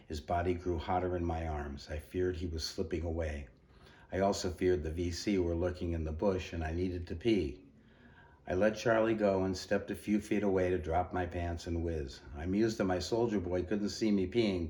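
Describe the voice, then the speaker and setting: A man reading his short story aloud in a steady, measured way. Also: low voice. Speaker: story reader.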